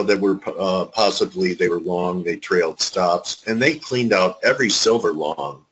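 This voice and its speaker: A man's voice: deep voice, fairly bright tone, husky, low-quality recording. A man hosting a trading webinar, asking loose, rambling questions. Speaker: webinar host. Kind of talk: casual interview questions.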